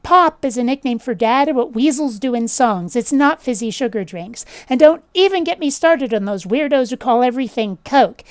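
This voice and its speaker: A fairly high, smooth voice belongs to a woman talking straight to camera in a casual vlog. She is blunt and opinionated, dropping swear words without a second thought. The sound is dry and close. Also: lively intonation, normal speed, few pauses, dry recording. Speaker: channel host.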